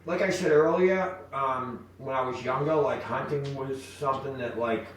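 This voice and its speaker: Animated man telling stories. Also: mid-range voice, normal speed. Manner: animated storyteller, acts out quoted voices. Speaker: podcast guest. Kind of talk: storytelling in casual chat. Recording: echoey room, distant mic, faint noise.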